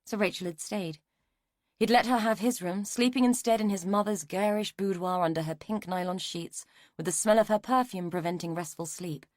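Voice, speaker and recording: A woman reading a mystery novel aloud in a measured, even way. Her voice sits at a middle pitch for a woman, and the recording is dry and close with no room sound. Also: dry recording. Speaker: audiobook narrator. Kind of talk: scripted narration.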